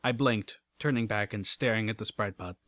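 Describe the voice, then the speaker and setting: A man reading a first-person story aloud in a steady, even storytelling manner. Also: fairly low pitch, moderate pace, no room sound. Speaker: audiobook reader. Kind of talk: first-person audiobook narration.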